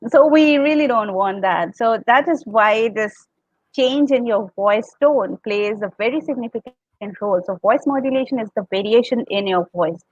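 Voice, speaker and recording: A woman's voice: a little high, normal speed, dry recording, muffled recording. A woman with an Indian accent on a podcast, explaining public speaking tips and acting out sample tones. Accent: Indian English. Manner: explanatory, demonstrates tones, laughs often.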